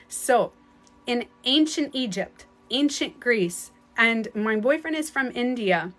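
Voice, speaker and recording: A woman's voice: fairly high pitch, animated, moderate pace, fairly bright tone. Chatty woman with a French accent. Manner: chatty, rambling, laughs often. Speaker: spiritual coach. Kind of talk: casual live-stream talk. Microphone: phone.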